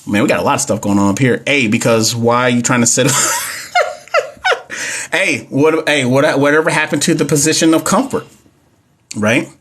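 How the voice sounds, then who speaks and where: A man's voice: medium pitch, a little fast, a bit bright, a little hiss or hum. Chatty man teaching live. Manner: chatty, reads questions aloud, talks back to viewer comments. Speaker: nursing exam tutor. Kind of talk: casual livestream teaching. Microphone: phone or webcam mic.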